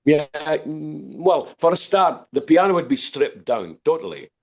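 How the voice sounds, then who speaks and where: A fairly high-pitched male voice with big pitch swings and a slightly slow delivery belongs to an older man from Dundee with a Scottish accent. Guesting on a podcast as a musician, he tells long, rambling anecdotes, restarting and repeating words along the way.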